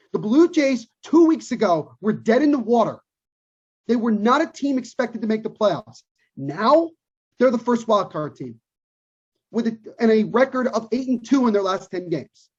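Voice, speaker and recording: A man with a husky, breathy edge holds forth on a sports podcast, emphatic and opinionated. He hammers his points home by repeating them. The sound is muffled and lo-fi. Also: high-pitched, darkish tone. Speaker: podcast co-host. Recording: dull lo-fi recording.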